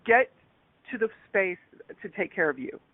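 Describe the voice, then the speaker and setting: A woman who is a guest on a radio talk show, speaking in a rambling, halting way with many restarts. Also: medium pitch, expressive, dry recording. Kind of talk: casual radio interview chat. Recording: dry, tinny phone-line sound.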